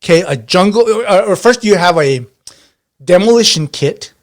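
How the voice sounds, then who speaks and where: A man runs a tabletop role-playing session as game master. His voice sits a bit high, and he rambles along with plenty of restarts and fillers. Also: animated, normal speed.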